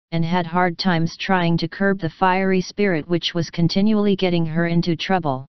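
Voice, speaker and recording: Woman, audiobook narrator, calm even reading, very clear voice, dry close recording. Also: on the low side, no room sound, dull audio. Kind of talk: scripted storybook narration.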